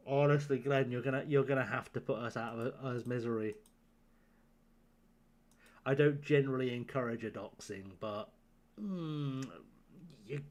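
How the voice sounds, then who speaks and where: Tired man joking on a late-night stream. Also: mid-range voice. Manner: joking banter with chat, frequent laughter, rambling. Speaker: live-streaming gamer. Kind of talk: casual live-stream chat. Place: at home.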